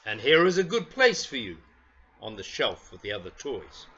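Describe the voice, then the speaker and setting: Man reading as a kindly old toy maker, gentle storybook voice, bright tone. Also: mid-range voice, huge pitch swings, moderate pace, slightly rough, muffled recording, full character voice.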